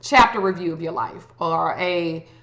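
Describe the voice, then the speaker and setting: A woman's voice: on the low side, normal speed, fairly bright tone. A woman giving astrology advice in a blunt, profane, casual rant. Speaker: astrology vlogger. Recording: echoey room, dull lo-fi sound.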